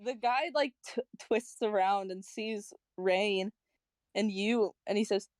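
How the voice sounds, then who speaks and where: A woman narrating as game master of a tabletop game, lively and giggly, with casual swearing. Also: medium pitch, takes it slowly, dry recording, studio quality.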